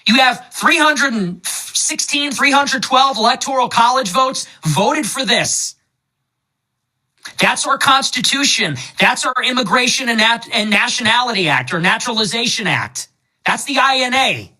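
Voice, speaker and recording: Lecturing guy firing off political points, bright sharp voice, insistent. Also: extremely high pitch, animated, measured pace, poor audio. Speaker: political commentator in a played clip. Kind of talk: rapid-fire political speech.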